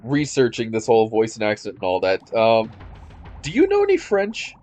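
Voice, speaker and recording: A man's voice: fairly low pitch, huge pitch swings, moderate pace, darkish tone. A man in casual chat, asking curious, teasing questions of his co-host. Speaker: show co-host.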